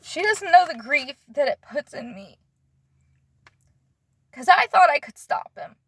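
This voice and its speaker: A young woman in earnest, halting confessional storytelling, often pausing to search for her words. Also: high-pitched, animated, a bit bright, no echo, studio quality.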